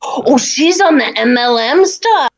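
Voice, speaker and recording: A woman's voice: sits high, lively intonation, unhurried, poor audio. A woman chatting casually on a podcast, rambling with many fillers and restarts.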